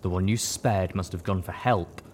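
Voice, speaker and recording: A man voicing a quiet, nervous young stallion in an audiobook, speaking softly and hesitantly. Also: deep voice, fairly even intonation, moderate pace, slight background noise, natural voice. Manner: soft, hesitant. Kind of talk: audiobook character voice.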